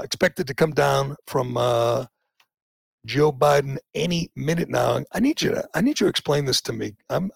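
Gravelly, husky male talk host, indignant, prone to heated outbursts, dry sound. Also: medium pitch, no room sound. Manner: indignant, swings to loud outbursts. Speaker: podcast host. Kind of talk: opinionated political talk.

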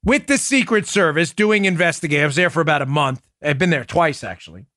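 A man's voice: a little high, lively intonation, quick pace, bright, forceful tone, no echo, clean studio sound. A man hosting a political podcast, delivering heated commentary in a combative, incredulous way. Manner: combative, incredulous, rising to indignant outbursts.

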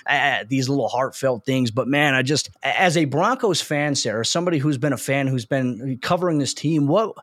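A man's voice: medium pitch, expressive, a little fast, few pauses, fairly bright tone, dry recording. A man hosting a sports podcast in casual chat, talking in an earnest and emotional way.

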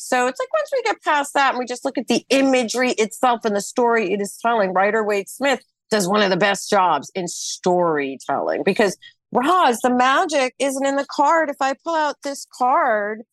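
Animated American woman telling lively stories. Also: a little high, moderate pace, no echo. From United States. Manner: animated storyteller who acts out quotes and laughs often. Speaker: guest, tarot reader and actress. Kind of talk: casual podcast conversation.

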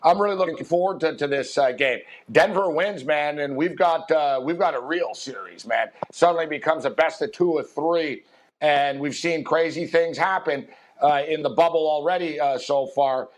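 A male podcast host chats about games in a loose, rambling way, full of fillers. His voice sits a little high. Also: moderate pace. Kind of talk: casual sports betting chat.

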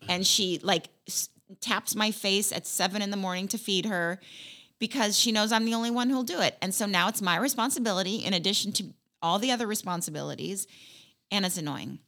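A woman co-hosting a casual podcast chat, telling lively stories and acting out what others said. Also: mid-range voice, fairly quick. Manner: animated storyteller, acts out quotes. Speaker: podcast co-host.

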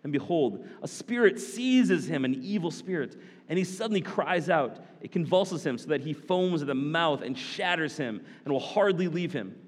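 A man preaching a sermon as a pastor, animated, with casual asides to the congregation. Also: a little high, normal speed, husky, long reverb tail.

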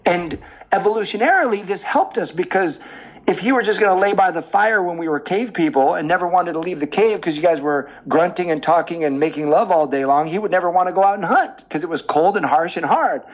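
A man being interviewed as a dating coach, explaining with lively stories and examples. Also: high-pitched, brisk, muffled recording. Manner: animated storyteller, explains with examples. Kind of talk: podcast interview.

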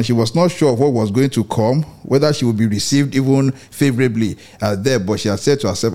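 Male study-group leader, mid pitch, reflective, halting delivery. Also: a little mellow. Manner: reflective, many fillers and restarts. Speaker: book club leader. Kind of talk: online Bible study discussion.

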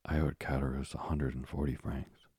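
A man's voice: rumbling low, level tone, moderate pace, darkish tone, slightly rough, no room sound, studio quality, heavily acted. A man voicing an earnest young sailor speaking to his father in an audiobook, urgent and eager.

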